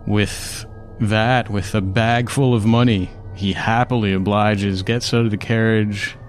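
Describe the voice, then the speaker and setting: A man narrating a tabletop role-playing game as game master, in slow, measured storytelling. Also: on the low side, a little hiss or hum.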